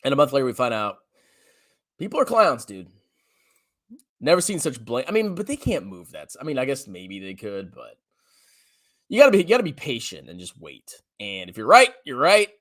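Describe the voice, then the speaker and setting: A man hosting a personal finance channel, reading viewer comments aloud in an animated, slangy way and laughing often. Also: medium pitch, normal speed, pauses often.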